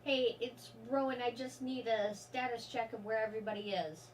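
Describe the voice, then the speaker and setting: A woman's voice: fairly high pitch, fairly even intonation, moderate pace. A woman playing in a tabletop game, speaking hesitantly with many fillers. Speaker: player. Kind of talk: tabletop role-play chat. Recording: distant mic, faint hiss.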